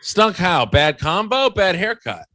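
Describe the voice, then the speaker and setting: A man co-hosting a podcast in casual chat, throwing in quick teasing, deadpan jokes. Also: sits high, no echo, studio quality. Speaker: podcast co-host.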